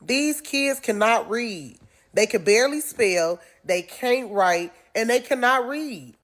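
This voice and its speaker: Woman, concerned parent, emphatic and frustrated, slightly raised pitch. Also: lively intonation, slow pace. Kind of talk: opinion vlog.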